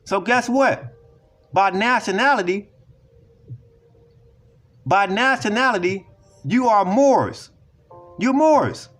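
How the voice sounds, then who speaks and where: Man, high voice, emphatic profane rant, repetitive lecturing, soft music underneath. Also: expressive, slow, pauses often. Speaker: online commentator. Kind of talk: ranting video commentary.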